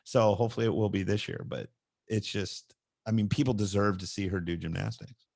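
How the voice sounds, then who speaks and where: Guy hosting a podcast, animated, tells stories, talks about coaching. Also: fairly low pitch, brisk, vocal fry. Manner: animated storyteller who acts out quoted lines. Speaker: podcast host and gymnastics coach. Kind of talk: casual chat.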